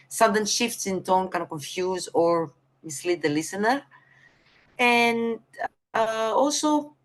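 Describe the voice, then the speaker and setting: A woman from Greece with a Greek accent, lecturing on communication, halting often with fillers and correcting herself mid-sentence. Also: on the low side, fairly bright tone.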